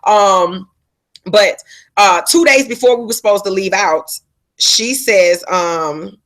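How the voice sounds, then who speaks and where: A middle-aged woman telling a storytime to camera, sassy and animated, laughing and acting out other people's lines in raised voices. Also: mid-range voice, slow pace. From Georgia, USA. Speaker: vlogger.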